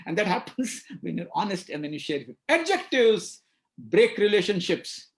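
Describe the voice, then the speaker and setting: Animated Indian man lecturing doctors. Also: sits high, normal speed. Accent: Indian English. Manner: animated, acts out dialogue, repeats words. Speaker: psychiatrist speaker at a medical webinar. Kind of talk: webinar lecture.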